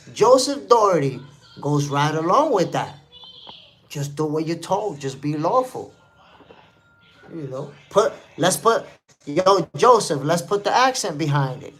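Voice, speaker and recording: This man from New York City hosts a live stream, reading the chat and offering casual commentary in an emphatic, repetitive way. His voice sits high with a fairly bright tone.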